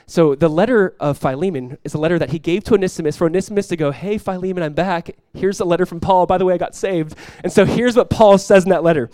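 A male pastor preaching a sermon, acting out the people in his Bible stories and swinging between loud emphasis and hushed lines. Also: high voice, fast, few pauses, no echo.

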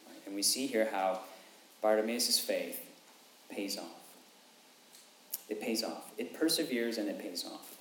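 A man, a father with young kids, preaching a sermon in an animated way, repeating phrases for emphasis and acting out quotes. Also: on the low side, a little slow, long pauses, slight background noise. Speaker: pastor. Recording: echoey room, faint ambience.

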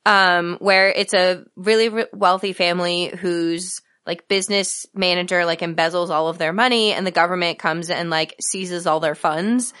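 A woman co-hosting a podcast in a loose, casual chat. Her voice is bright and crisp, sitting a little low. She hesitates often and fills gaps with ums. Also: steady tone, normal speed, few pauses. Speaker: podcast co-host.

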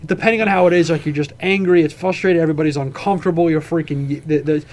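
A man's voice: a little high, fairly even intonation, fast, darkish tone. A man co-hosting a casual podcast, rambling through his stories with frequent restarts and swearing. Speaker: podcast co-host.

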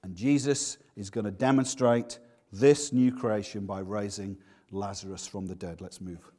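A man preaching a sermon, swinging between loud, emphatic passages and hushed, slow ones. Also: fairly low pitch, steady tone.

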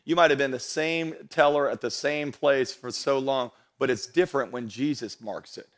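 A young adult man, a pastor, preaching a sermon to his church, building to loud emphatic passages and joking with the congregation. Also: medium pitch. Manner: jokes with the congregation. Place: church stage before a congregation.

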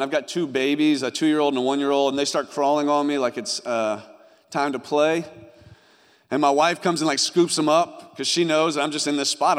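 A young man preaching a sermon, giving an earnest personal testimony that rises and falls in intensity. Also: on the high side. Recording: long hall reverb.

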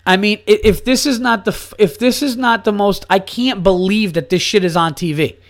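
A man's voice: high-pitched, moderate pace, gravelly. A man hosting his own podcast as a comedian, ranting in a casual, incredulous way and swearing often.

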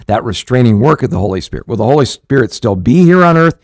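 A male pastor hosts a conversational Bible-teaching show. He talks earnestly, restarting phrases and filling pauses as he goes. His voice sits at an average pitch and is recorded dry and close. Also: expressive, dry recording. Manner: earnest, rambling with frequent restarts and fillers.

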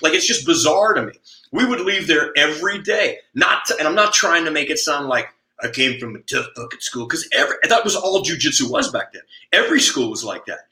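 A man's voice: fairly high pitch, lively intonation, a little fast, sharp tone, reverberant, poor audio. A man and jiu-jitsu coach telling stories in casual chat, blunt and profane, with frequent stammered restarts. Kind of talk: storytelling in casual podcast chat.

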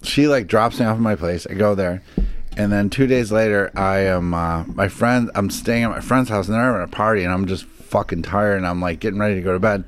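A man's voice: on the low side, fairly quick, slight background noise. A man from Buffalo, New York, telling a long story in casual, profane chat and acting out what people said.

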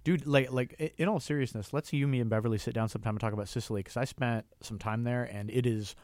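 A man's voice: mid-range voice, steady tone, fast, darkish tone, no echo. A man hosting a radio show, chatty and enthusiastic as he talks with a guest in the studio. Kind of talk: casual radio interview. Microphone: studio mic.

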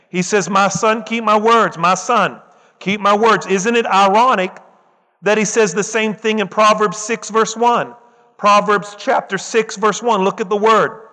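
Male pastor, high voice, repetitive emphatic preaching, church hall reverb. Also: bright, forceful tone. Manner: preaching, calls for amens, repeats phrases for emphasis. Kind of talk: sermon. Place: church sanctuary.

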